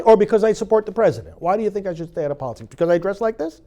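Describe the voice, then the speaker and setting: A man's voice: high-pitched, animated, fast, few pauses, warm tone. A middle-aged man, a priest hosting his own show, talking straight to the viewer in a sarcastic, preachy way that builds to fervent emphasis. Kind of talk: direct-to-camera commentary.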